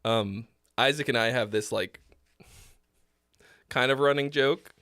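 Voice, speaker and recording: Guy giving blunt song feedback, keeps clearing his throat, crisp dry sound. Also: mid-range voice, unhurried, bright, forceful tone, dry recording. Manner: blunt, frequent fillers and throat clearing, swears. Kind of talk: casual live critique.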